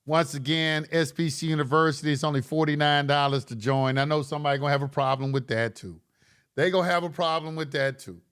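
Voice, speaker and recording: A man's voice: fairly high pitch, steady tone, fast talker, a bit bright, smooth. A middle-aged man hosting a late-night livestream, talking bluntly and profanely in a preachy way that rises to impassioned. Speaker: online course host.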